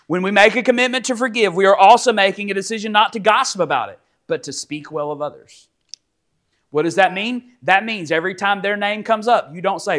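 A man in his forties preaching a sermon as pastor, emphatic and animated, acting out little quotes. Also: sits high, a little fast. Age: 40s.

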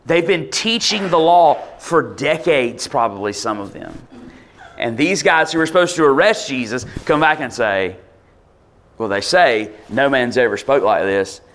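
A man preaching a conversational sermon, explaining a passage in lively, casual speech and acting out quoted voices. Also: fairly high pitch, measured pace, slight background noise. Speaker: pastor.

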